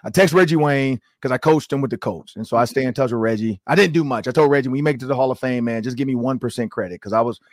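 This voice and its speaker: A man in his forties hosts a sports podcast, spinning long stories and acting out what people said, full of "like" and "man." His voice sits at an ordinary pitch. The recording is dry and close, with little room sound. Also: fast talker, few pauses, no room sound. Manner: animated storyteller, acts out quotes with lots of "like". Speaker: podcast host. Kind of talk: casual sports chat.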